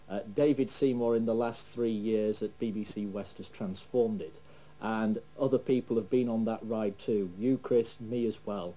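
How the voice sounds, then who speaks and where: A man's voice: fairly low pitch, fairly even intonation, normal speed, warm tone, low-quality recording. A man with a Yorkshire accent giving an earnest, emphatic farewell tribute to his boss. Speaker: BBC executive giving a tribute.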